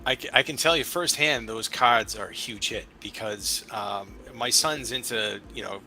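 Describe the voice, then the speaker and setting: A man hosting a podcast, chatting casually and telling a rambling, animated story as a father. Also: lowish voice, normal speed, a little hiss or hum, low-quality recording. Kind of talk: casual conversation.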